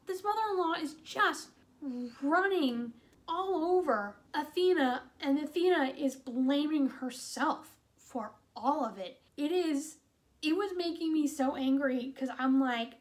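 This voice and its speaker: A woman giving a casual, chatty movie review, retelling the plot with animated, exasperated asides and lots of "like". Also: sits high, a little slow.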